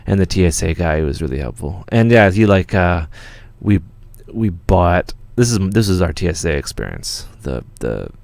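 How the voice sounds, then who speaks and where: A man's voice: sits low, big pitch swings, normal speed, creaky, few pauses, darkish tone, no room sound. A young man from Canada hosting a live studio Q&A stream, telling rambling stories in a laid-back way with lots of fillers and swearing. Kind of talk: casual livestream chat. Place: home studio.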